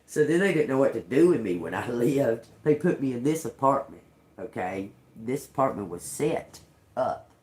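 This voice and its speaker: A woman's voice: very deep voice, lively intonation, moderate pace, mellow. A middle-aged woman on a livestream, angrily telling a personal story with lots of cursing. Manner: agitated, profane ranting. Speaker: livestream host. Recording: roomy echo.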